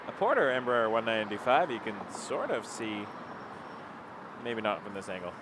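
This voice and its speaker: A man from the Toronto area, with a fairly low, very animated voice and a Canadian accent, talks at a moderate pace to livestream viewers from beside an airport runway on a cold night. He rambles chattily and reads out viewer comments while marching to keep warm, with outdoor traffic noise around him.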